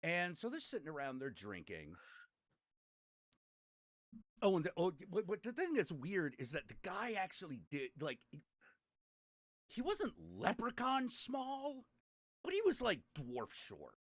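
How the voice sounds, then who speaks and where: A middle-aged man spins an anecdote in loose, profane chat, laughing along. His voice is bright and fairly high for a man. The sound is dry, with no room around it. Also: unhurried, pauses often, no echo. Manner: animated, swearing, laughing storyteller. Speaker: podcast host. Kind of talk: casual storytelling chat.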